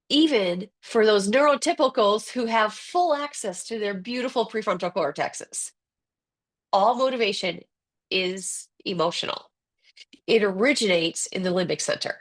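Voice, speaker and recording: A woman giving a conversational webinar lecture as a coach, lively and animated, acting out quoted voices. She speaks close to the mic. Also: medium pitch, moderate pace. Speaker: ADHD coach presenting a webinar.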